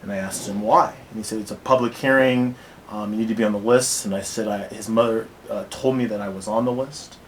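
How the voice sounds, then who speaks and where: A man with a fairly low voice tells his own story with many pauses, fillers and restarts. He sounds like a teacher describing a difficult day. A faint low rumble sits under the recording. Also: fairly even intonation, rough recording. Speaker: teacher recounting an incident. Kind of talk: personal account to camera.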